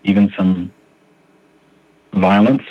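Deep-voiced man in earnest recovery talk. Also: fairly even intonation, slow, husky, dry recording, narrow, tinny audio. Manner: earnest, thinks aloud with many restarts. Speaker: podcast guest sharing recovery. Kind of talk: reflective recovery podcast talk.

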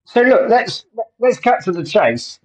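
A man's voice: sits high, sing-song, a little slow, rough recording. A man co-hosting a casual podcast chat, laughing easily and teasing, recorded on a phone from a hot bedroom. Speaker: podcast co-host. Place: hot bedroom abroad with fan on. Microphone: phone over internet call.

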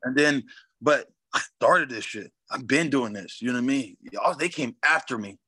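Brash, swaggering man with a bright voice. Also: mid-range voice, normal speed, breathy edge, dry recording. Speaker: fighter guest. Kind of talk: casual interview chat.

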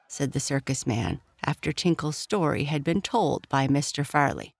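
A narrator reading a bedtime children's story in a gentle, even storytelling voice. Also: mid-range voice, moderate pace, vocal fry, hardly any pauses, no echo.

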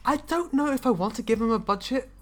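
A man's voice: very high-pitched, lively intonation, fast talker, over loud music. A man co-hosting a film podcast, joking casually with hesitant restarts. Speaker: podcast co-host. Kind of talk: casual chat about films.

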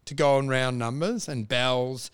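A man in casual podcast chat, an animated storyteller who swears freely. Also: medium pitch, measured pace, smooth, no echo, clean studio sound.

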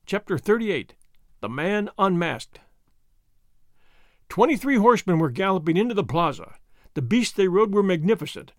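A man narrating a chapter of an adventure serial in measured storytelling. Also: sits high, no echo, clean studio sound.

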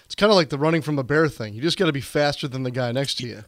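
A man's voice: mid-range voice, very fast, dry recording, studio quality. A man hosting a radio sports interview, friendly and easygoing in his questions. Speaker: radio show host.

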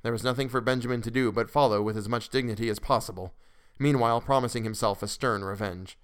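A man narrating a classic story for a podcast in a measured way, with occasional restarts. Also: medium pitch, steady tone, smooth.

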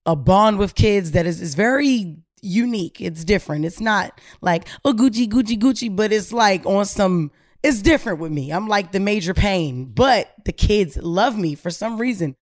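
A woman's voice: mid-range voice, normal speed, no echo, clean studio sound. A woman hosting a casual talk show, telling a story in slangy, emphatic speech and acting out the people she quotes. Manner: animated, acts out quoted voices, slangy and emphatic. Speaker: podcast host.

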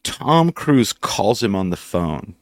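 A very low-voiced man hosts a casual talk show. He tells stories with gusto and jumps into the voices of the people he quotes. The sound is close and dry. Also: takes it slowly, dry recording. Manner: animated storyteller, acts out quotes. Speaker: radio show host. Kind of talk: casual chat.

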